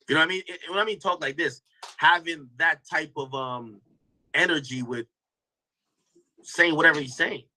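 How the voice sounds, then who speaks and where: A man's voice: on the high side, sharp tone, breathy edge, poor audio. A man hosting a casual commentary stream, talking loosely to his chat with lots of restarts and slang. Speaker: host reacting to a stream clip.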